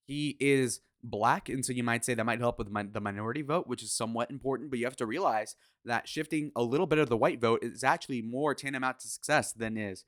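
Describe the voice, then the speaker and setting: A man's voice: mid-range voice, fast talker, few pauses, dry recording, clean studio sound. A man giving casual political commentary in a crude, sarcastic, opinionated way, with swearing.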